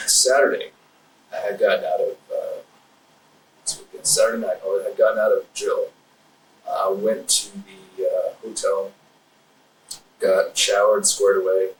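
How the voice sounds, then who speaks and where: Man, low voice, rambling interrogation account; distant roomy recording with faint ambient noise. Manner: rambling, full of fillers and restarts. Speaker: suspect in interrogation. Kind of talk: recounting events under questioning. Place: police interrogation room. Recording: roomy interrogation room audio from afar.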